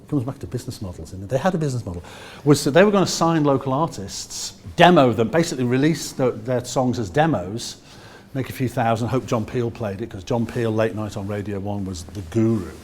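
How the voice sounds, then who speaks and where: A man in his sixties from Liverpool with a Liverpool accent, telling anecdotes in a lively way and acting out other people's voices with quick asides. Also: mid-range voice. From Liverpool, England. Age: 60s. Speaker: musician telling stories. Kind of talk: anecdotal storytelling.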